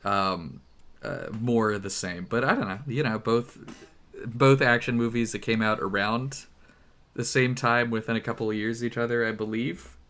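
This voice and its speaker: A man's voice: mid-range voice, normal speed, a bit bright. A man co-hosting a podcast in loose, jokey conversation. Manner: jokey, puts on silly voices. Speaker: podcast co-host. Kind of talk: casual chat.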